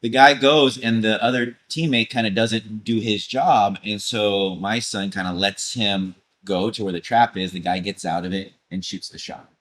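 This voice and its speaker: A man's voice: lowish voice, moderate pace, hardly any pauses. A man, a coach and guest, telling a personal story animatedly and acting out moments as he goes. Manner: animated storyteller, acts out moments, laughs often. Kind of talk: casual storytelling in a conversation.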